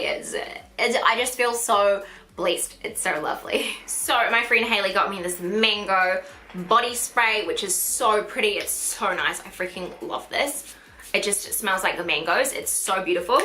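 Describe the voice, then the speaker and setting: A woman's voice: a little high, bright, forceful tone. A New woman in her twenties chatting through a birthday haul vlog, gushing and chatty, full of "like" and "oh my god". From New Zealand. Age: 20s. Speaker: beauty vlogger. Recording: echoey room with faint hiss.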